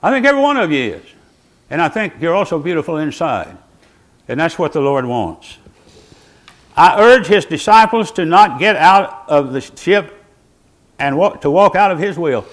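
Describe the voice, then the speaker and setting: A man's voice: a little high, very animated, moderate pace, pauses often. A man, preaching a sermon to his church while seated, with folksy asides to the congregation. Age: 80s. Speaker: pastor.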